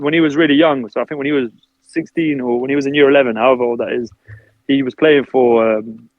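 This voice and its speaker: A man's voice: mid-range voice, dry recording, muffled recording. A man, a basketball player, chatting casually as a podcast guest, laughing often and acting out what his family says. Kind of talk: casual interview chat.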